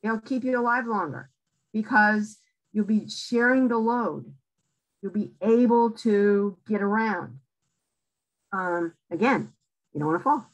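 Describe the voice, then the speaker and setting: A woman's voice: mid-range voice, measured pace, long pauses, poor audio. A woman giving a public library talk, coaching listeners directly in short emphatic phrases and often checking in with "okay?". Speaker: lecturer on aging in place.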